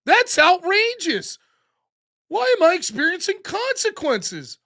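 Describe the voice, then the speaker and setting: A man's voice: very high voice, huge pitch swings, slow pace, sharp tone, pitched above the performer's own voice, exaggerated voice. A man putting on a mocking voice of an entitled young woman who is whiny and outraged.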